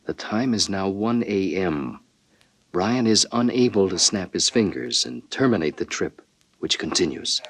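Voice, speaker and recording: A man reading scripted documentary narration in a grave, measured way. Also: sits low, animated, vocal fry.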